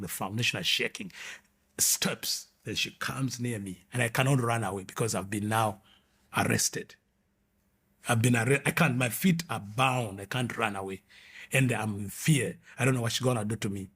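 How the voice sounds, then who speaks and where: A man earnestly telling his personal testimony in a halting way, restarting his sentences often. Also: mid-range voice, a bit bright, husky. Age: 20s or older, adult.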